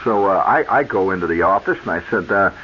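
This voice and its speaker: Animated male radio storyteller. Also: low voice, brisk. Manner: animated, chatty, speaks straight to listener. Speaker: radio host. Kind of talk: storytelling monologue. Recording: muffled old radio broadcast with hiss.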